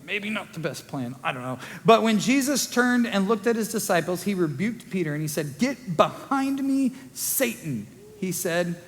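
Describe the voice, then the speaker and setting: A male pastor preaching a sermon in a conversational way, acting out quick quoted asides. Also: high-pitched, expressive. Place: church sanctuary. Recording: long church hall reverb.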